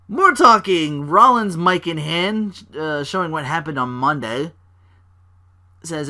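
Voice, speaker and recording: A man hosting a casual podcast, recapping wrestling shows and acting out the wrestlers' lines in raised, louder voices. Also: a little high, normal speed. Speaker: podcast host.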